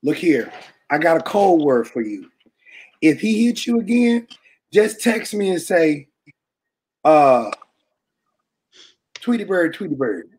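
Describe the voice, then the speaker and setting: A man giving an impassioned, preaching-style talk, colloquial and animated, often shouting for emphasis to his listeners. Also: a little high, slow, long pauses, a little hiss or hum. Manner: colloquial, calls listeners "baby" and "y'all". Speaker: speaker addressing a church audience.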